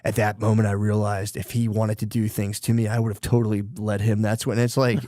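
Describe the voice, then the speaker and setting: A man's voice: lowish voice, little pitch movement, a little fast, warm tone, no room sound. Dry-voiced rambling podcast guy. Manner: rambling, profane, lots of fillers and quoted voices. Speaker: podcast co-host. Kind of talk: casual chat, retelling a book plot.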